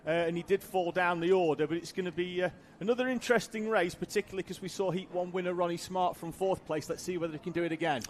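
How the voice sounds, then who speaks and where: A man's voice: sits high, a little hiss or hum. A man giving live race commentary, reading viewer questions and calling the action. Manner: measured, reads viewer chat, excited calls.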